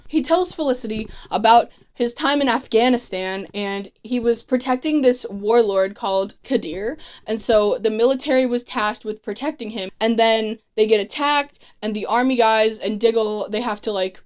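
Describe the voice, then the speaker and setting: A woman's voice: on the high side, moderate pace. A woman giving a casual, comedic recap of a TV show, full of sarcastic asides and swearing.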